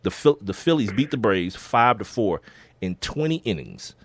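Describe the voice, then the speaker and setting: A man co-hosting a sports podcast, talking in a relaxed, casual way and often laughing as he reads out sports history. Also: on the low side, moderate pace, slight background noise. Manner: laid-back, laughs often, reads listings with slips. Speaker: podcast co-host.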